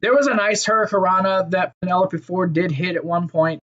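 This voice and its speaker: A man's voice: sits high, steady tone, brisk, fairly bright tone. Man, casual wrestling review, swears a lot, rambling fillers, somewhat muffled sound. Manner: profane, rambling, fillers and restarts.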